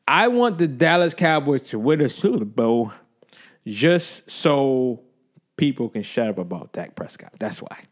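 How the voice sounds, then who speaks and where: Male podcast host, casual sports talk, animated and playful, average pitch. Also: unhurried. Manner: animated, hype, playful banter.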